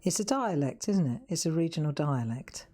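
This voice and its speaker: A woman's voice: sits low, expressive, normal speed, warm tone. A middle-aged woman with a Southern English accent, hosting a live craft demonstration in a chatty, self-mocking way and laughing often. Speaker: craft show host. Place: craft room.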